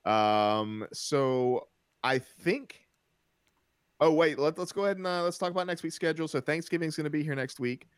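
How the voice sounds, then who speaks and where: A man from the American South hosting a casual podcast, chatty and quick to laugh. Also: on the high side, clear, resonant tone, no room sound, clean studio sound. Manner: laughs often, loose and chatty. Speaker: podcast host. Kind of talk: casual chat.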